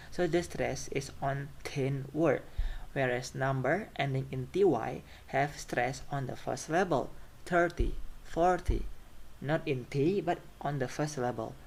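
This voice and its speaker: A man's voice: mid-range voice, vocal fry, a little hiss or hum. A man lecturing on phonetics, listing example words and often checking in with the class. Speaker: phonetics teacher.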